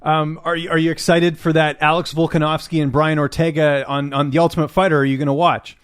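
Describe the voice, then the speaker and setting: A man interviewing a fighter, asking quick friendly questions. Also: a little high, little pitch movement, smooth.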